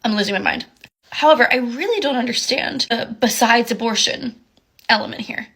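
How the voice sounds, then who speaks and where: A woman's voice: a little high, fast talker, gravelly, fairly bright tone, husky. A woman ranting in an exasperated, sarcastic tone in a casual social media video. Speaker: content creator.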